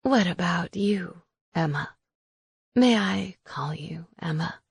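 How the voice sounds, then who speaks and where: A woman narrator voicing a frail, eerie old witch who speaks in a slow, low whisper. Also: animated, gravelly, slightly rough, no echo, studio quality, full character voice. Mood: creepy. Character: frail ancient witch crone, eerie, knowing. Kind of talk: audiobook character voice.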